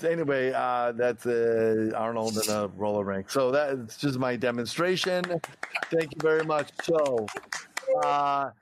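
A man's voice: mid-range voice, background noise. A man hosting an improv game, chatty and encouraging, with lots of fillers. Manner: chatty, quick with thanks, many fillers. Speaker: host.

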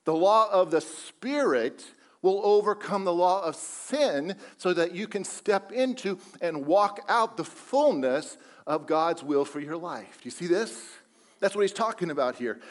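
Male pastor, high register, emphatic sermon delivery with rhetorical questions. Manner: emphatic preaching with repeated phrases and rhetorical questions.

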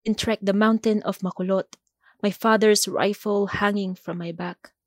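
A woman poet from the Philippines, reading her poems aloud and then answering interview questions in a slow, measured way. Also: mid-range voice, fairly even intonation, no room sound, studio quality. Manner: slow, measured, deliberate delivery.

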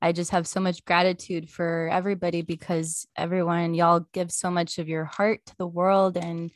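A woman's voice: on the low side, flat delivery, normal speed, no echo. Effusive woman host, dry sound. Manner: warm, effusive, grateful. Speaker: podcast host. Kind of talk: casual chat.

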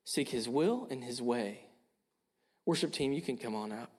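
A man's voice: mid-range voice, moderate pace, husky. A young man preaching a sermon, earnest and urging, often repeating his phrases. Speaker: pastor.

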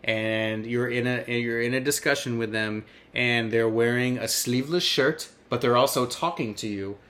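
A man's voice: medium pitch, moderate pace, few pauses, fairly bright tone. An American man hosting a casual comedy podcast, quizzing his co-host in a playful, mock-dramatic way. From United States.

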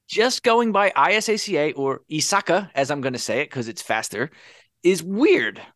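A man's voice: fairly high pitch, no room sound, studio quality. A man hosting a podcast in a casual chat, wry and sarcastic as he sets up the topic. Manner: wry, sarcastic, lively delivery. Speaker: podcast host.

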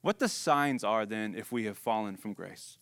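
A man's voice: lowish voice, expressive, moderate pace, fairly bright tone, smooth, no room sound. A man announcing who will preach next, in a plain manner. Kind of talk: introducing the preacher.

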